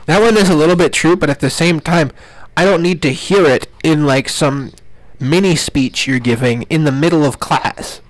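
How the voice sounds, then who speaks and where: A man's voice: a little high, moderate pace, no echo. Young man ranting with a laugh. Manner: ranting, laughing often, mocking voices in quotes. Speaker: podcast co-host. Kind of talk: casual chat.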